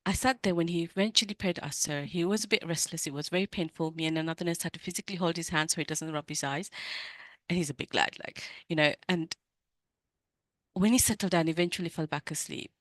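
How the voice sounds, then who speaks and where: A middle-aged woman coach giving an earnest, emotional personal talk to other women, with halting restarts. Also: on the low side, dry recording.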